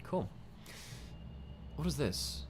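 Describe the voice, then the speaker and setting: A man's voice: drawn-out words, slight background noise. A man from Wales, an esports commentator chatting casually on a stream and mocking himself, talking in a rambling way with lots of fillers. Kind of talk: casual chat during a stream break.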